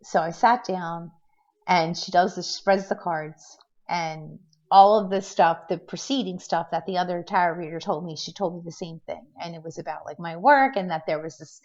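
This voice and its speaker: Low-voiced woman rambling through a story. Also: normal speed. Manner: rambling, many restarts and fillers; tends to act out quotes in a lively way. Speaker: vlogger telling a personal story. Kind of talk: casual personal storytelling. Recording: dull lo-fi recording.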